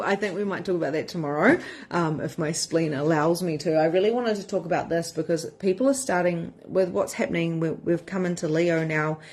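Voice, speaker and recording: Her voice is fairly low and a little mellow. She's a woman in her thirties, a spiritual empowerment coach, chatting frankly and energetically with members over a casual live stream and swearing freely along the way.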